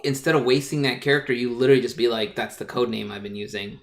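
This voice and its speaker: A man in an average pitch chats as a podcast host. He talks in an excitable, rambling way, piling on fillers and side remarks. He sounds loose and unscripted, like a friend holding forth. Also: fast. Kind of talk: casual chat.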